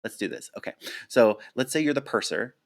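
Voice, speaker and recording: A flight attendant streamer answers viewer questions on a live stream from home, close to a desk mic. His medium-pitched voice is fairly quick with vocal fry, chatty and animated, packed with fillers and restarts.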